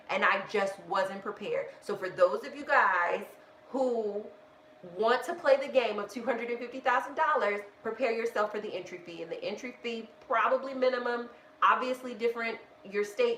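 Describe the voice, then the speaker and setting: A woman hosting a live budgeting stream, talking in a casual, animated rant and often restarting with "like.". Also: on the high side. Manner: animated, self-interrupting, heavy use of "like". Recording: echoey room with faint background noise.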